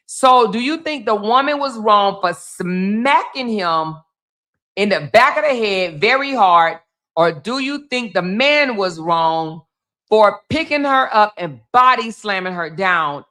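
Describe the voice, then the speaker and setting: A woman's voice: medium pitch, animated, slow pace, a bit bright. A woman hosting a livestream, chatting with her viewers while she comments on a video. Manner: chatty, talks straight to viewers. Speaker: livestream host.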